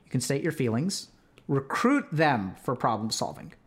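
Speaking at a normal speed in a medium-pitched, sing-song voice, this podcast host chats through relationship advice loaded with "like" and "right?" Now and then he acts out sample conversations.

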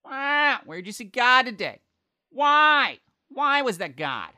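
A man puts on a male boss whose voice jumps far above a normal speaking voice and lands a little louder and thinner. He stretches each question out with a probing lilt, like a running office impression. The voice sounds exaggerated and nasal. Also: very high voice, very animated, slow, clear, resonant tone, pitched above the performer's own voice, exaggerated voice.

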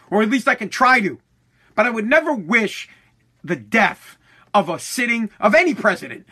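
A man's voice: sits high, bright, forceful tone. An American man delivering a heated, profanity-laced rant to his followers, often stammering and restarting his sentences. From United States. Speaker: online commentator.

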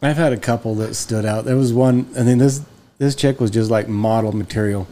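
A man co-hosting a casual podcast chat, telling stories and jumping into high voices when he quotes people. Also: steady tone, brisk, mellow. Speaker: podcast co-host.

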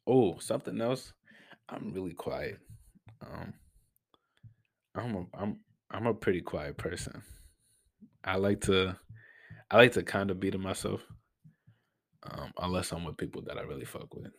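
Young male podcast host, deep gravelly voice, relaxed rambling slang with a stutter, dry close sound. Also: no room sound. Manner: laid-back, slangy, rambling with fillers. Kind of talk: casual solo podcast talk.

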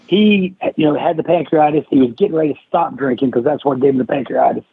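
A man's voice: fairly high pitch, quick pace, vocal fry, breathy edge. A man, a guest on an interview podcast, telling a long story and acting out the quoted lines of the people in it. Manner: animated storyteller who acts out quoted lines. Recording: dry, tinny phone-like line.

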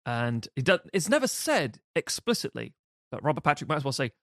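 A man's voice: on the high side, brisk, no echo. A man talks films on a podcast, his slightly raised voice bouncing as he re-enacts scenes and laughs along. The sound is dry and close, with no room around it. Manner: animated, recounts scenes acting out quotes and laughing. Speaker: podcast co-host. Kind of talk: casual film chat.

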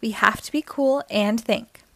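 A woman reading aloud and voicing a brave, level-headed young female cartoon agent with a calm, take-charge manner. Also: on the high side, unhurried, dry recording. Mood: bold. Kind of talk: children's read-aloud.

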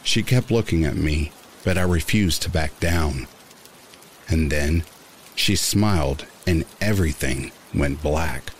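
A man reading a first-person horror story aloud in a measured, somber narration. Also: extremely low pitch, a little hiss or hum. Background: rain sounds.

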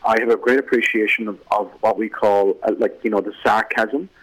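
A man's voice: fairly low pitch, steady tone, a little fast, slightly rough, rough recording. A man with an Irish accent, a guest in a casual radio interview, rambling with many fillers and restarts. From Ireland.

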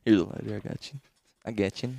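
A man's voice: fairly low pitch, fairly even intonation, quick pace, creaky, dark tone. A young man co-hosting a podcast, chatting casually with lots of swearing and laughter. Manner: laughing, joking, swears a lot. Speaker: podcast co-host. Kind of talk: casual crude banter.

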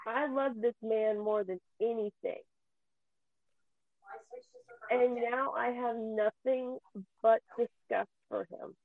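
A woman ranting with anger and deep feeling, swearing often, her voice near tears at times. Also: fairly even intonation, slow pace, gravelly, pauses often, no echo. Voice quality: profane, heated, voice near tears. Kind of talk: angry emotional rant. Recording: tinny phone-like sound.

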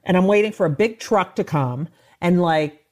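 A woman's voice: lowish voice, normal speed, a little mellow. Profane, ranting woman in casual chat. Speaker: comedian.

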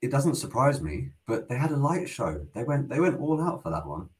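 A man's voice: medium pitch, sing-song, brisk. A man co-hosting a casual football podcast, talking animatedly and tripping over repeated words. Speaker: podcast co-host.

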